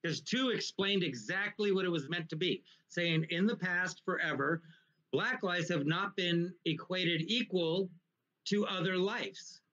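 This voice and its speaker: A man hosting a casual talk show, explaining points in an animated, lecturing way with frequent restarts. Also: sits high, a little slow, dull audio. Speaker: podcast host. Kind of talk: casual conversation.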